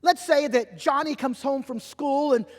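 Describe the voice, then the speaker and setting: A middle-aged man preaching a sermon as pastor, emphatic and animated, acting out little quotes as he goes. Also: extremely high pitch, unhurried. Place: church sanctuary. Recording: long church hall reverb.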